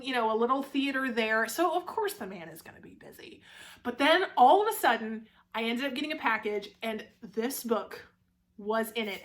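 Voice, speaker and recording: A young woman talks to her camera about a favourite book in a casual, gushing way. Her voice sits fairly high, and she piles up fillers and restarts as she goes. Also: fairly bright tone. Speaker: book reviewer.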